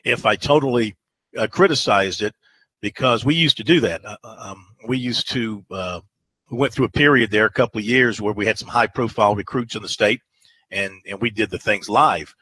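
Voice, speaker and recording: A man's voice: on the low side, pushed and bright, slight background noise, rough recording. A man hosting a sports radio talk show, rambling and hesitant with many fillers as he chats casually.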